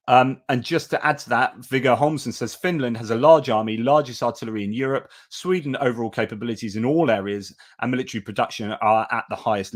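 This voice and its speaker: A man hosts a live news commentary in a loose, chatty way. He often restarts his sentences and drifts into asides, at a middling pitch. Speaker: host.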